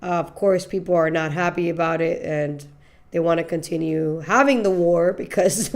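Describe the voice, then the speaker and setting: A woman's voice: lowish voice, normal speed. Young woman podcaster riffing on the news, loose and jokey, laughs a lot. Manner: loose, joking, laughs often, swears casually. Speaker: podcast host. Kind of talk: casual political commentary.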